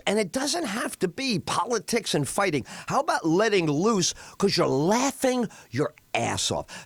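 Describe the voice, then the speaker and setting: A high-voiced man hosting a radio talk show, his pitch leaping all over the place as he tells animated stories. He sounds close and dry in the studio. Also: dry recording. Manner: animated, storytelling with acted-out voices. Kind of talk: excitable radio chat.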